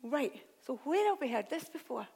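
A woman preacher with a high voice delivers a lively sermon, moving between scripture reading and chatty asides where she laughs at herself. Her voice rings out with a long reverberant tail from the hall. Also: moderate pace, creaky.

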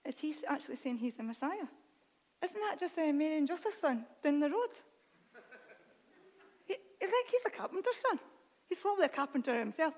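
A woman's voice: sits high, sing-song, a little fast, long pauses. A woman voicing a skeptical onlooker in an ancient synagogue, in a put-on Irish accent, muttering in disbelief. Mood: incredulous.

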